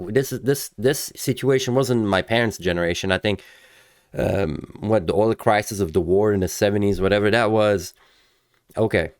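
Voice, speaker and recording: A man with a low, smooth, resonant voice talks loosely through car news in a dry, close-sounding recording. He rambles with many fillers and restarts and now and then hams up model names for fun. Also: dry recording. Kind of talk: casual commentary to camera.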